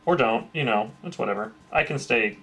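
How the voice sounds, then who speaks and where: A man's voice: mid-range voice, lively intonation, moderate pace, a bit bright. A man hosting a crafting livestream, chatting casually and answering his chat as he works. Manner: chatty, reads and greets chat, swears lightly.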